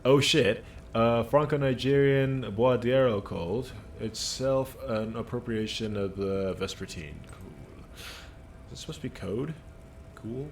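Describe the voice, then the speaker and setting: A man streaming a game, reading its text aloud and commenting in a relaxed, wry way. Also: mid-range voice, takes it slowly, slight background noise.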